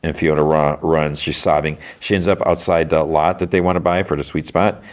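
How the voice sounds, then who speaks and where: A man's voice: rumbling low, level tone, a little fast. A man hosting a podcast, recapping a cartoon episode in a casual, rambling way with lots of filler words. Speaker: podcast host.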